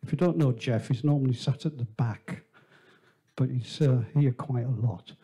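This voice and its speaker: A man's voice: medium pitch, moderate pace, mellow, husky. A man introducing a performer to a small live theatre audience, chatty and teasing, telling a joke with quoted voices. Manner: chatty, teasing, tells a shaggy-dog joke. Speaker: venue host introducing the performer.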